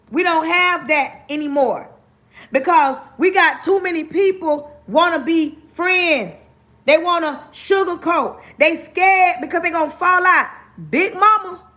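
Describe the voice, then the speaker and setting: Her pitch is extremely high and her tone sharp as she runs a livestream full of preachy motivational talk. The woman hammers home her life lessons with emphasis and repetition while regularly checking in with the people listening.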